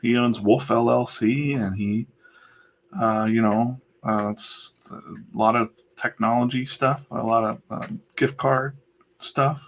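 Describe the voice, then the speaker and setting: This comics livestreamer speaks slowly at medium pitch with a steady tone. While drawing on stream, he wanders through a casual, digressive story, chatty and full of fillers and asides.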